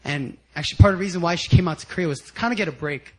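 A young male pastor with a high, light voice preaches to his congregation. He tells the story in an animated, conversational way and laughs easily between points. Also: racing, husky. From United States. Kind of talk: sermon.

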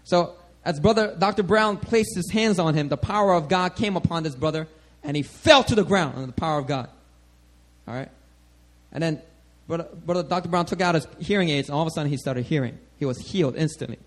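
A man with a notably high voice preaches a sermon, teaching in a loose, animated way at a fairly quick pace. As he goes, he keeps checking in with the congregation, often asking "all right?"

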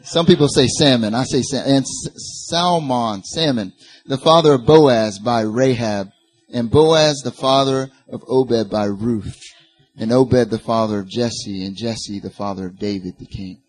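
Husky-voiced man preaching with rising passion. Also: medium pitch, a little slow. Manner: impassioned, rising to emphatic peaks, with asides to the congregation. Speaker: pastor. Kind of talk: sermon.

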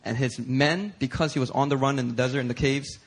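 A male pastor preaching a sermon in a church, telling stories in an animated, conversational way. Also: mid-range voice, brisk, slightly rough. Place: church sanctuary.

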